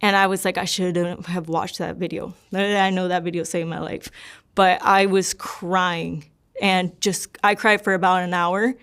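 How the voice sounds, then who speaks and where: Fairly low in pitch and level in tone, her voice is a bit bright and smooth at a normal speed. The young woman is a guest giving her personal testimony in a loose, rambling way, with many "likes" and repetitions.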